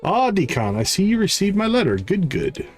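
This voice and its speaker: A man reading the lines of a kindly, well-meaning old grandmother, pitching his voice a little higher. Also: sing-song, moderate pace, faint music behind. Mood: gracious.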